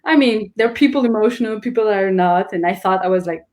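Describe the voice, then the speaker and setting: A woman's voice: medium pitch, quick pace, darkish tone. A woman, a guest in a casual conversation, explaining earnestly with many restarts.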